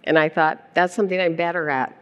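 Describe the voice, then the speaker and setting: An older woman with a fairly low voice tells a personal story on stage. Her delivery is animated and often breaks into laughter. Long reverb from the hall trails behind her. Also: fast, muffled recording. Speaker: guest speaker, founder's wife.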